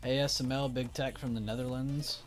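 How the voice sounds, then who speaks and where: A man's voice: medium pitch, flat delivery, a little fast. A young man casually chatting on a stock trading live stream, reading chat and talking loosely with restarts. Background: faint music.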